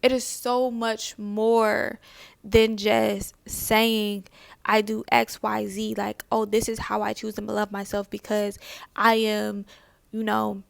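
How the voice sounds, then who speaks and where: A woman's voice: medium pitch, level tone, takes it slowly, creaky, no echo. A young woman talking casually to camera about self-care, asking many questions and repeating phrases. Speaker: spiritual vlogger. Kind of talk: casual reflective talk to camera.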